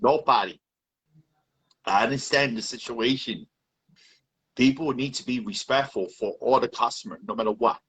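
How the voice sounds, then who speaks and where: A man's voice: mid-range voice, normal speed, fairly bright tone, slightly rough, low-quality recording. A man giving a heated, repetitive rant on a live video. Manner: heated, repetitive, swears often. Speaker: live video chat participant.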